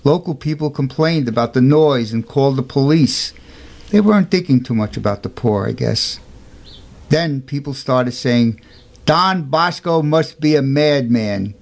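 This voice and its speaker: A man's voice: normal speed, vocal fry, a little mellow. A man telling the story of a saint in an informal, earnest way, with emphatic rhetorical questions. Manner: earnest, emphatic, rhetorical questions, raises pitch for quoted voices. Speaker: storyteller presenting a saint's life.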